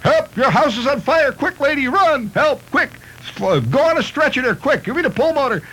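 A man voicing bumbling male firemen who bark hurried, urgent orders in a raised, strained voice. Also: very high-pitched, lively intonation, sharp tone, a little hiss or hum, pitched above the performer's own voice, exaggerated voice, rough recording.

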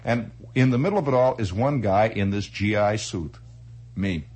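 A man telling an anecdote in a chatty, animated way, laughing through his telling. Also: fairly low pitch, moderate pace, slightly rough, low-quality recording. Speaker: storyteller. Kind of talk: spoken anecdote.

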